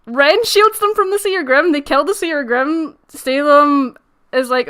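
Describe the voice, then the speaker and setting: A young Scottish woman doing a fast, joking recap of an episode in casual chat, swearing and quoting characters as she goes. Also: high voice, animated, pushed and bright. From Scotland. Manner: casual and giggly, swearing, mimicking characters in quick asides. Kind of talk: rapid-fire comedic recap.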